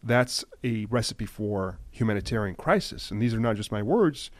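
A man giving impassioned news commentary, emphatic at times and dropping to a hushed, grave tone. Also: lowish voice, lively intonation, moderate pace, no echo. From United States.

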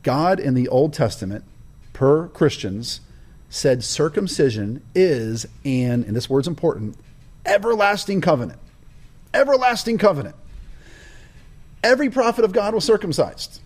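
Animated man, emphatic storytelling. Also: mid-range voice, moderate pace. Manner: emphatic, preaching cadence, stresses key words. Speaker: interview guest. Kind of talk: personal storytelling in a conversation.

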